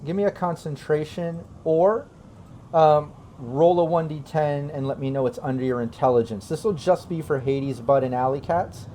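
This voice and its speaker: A man narrating a tabletop game as game master, in a relaxed and rambling way. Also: fairly high pitch, moderate pace, a little hiss or hum.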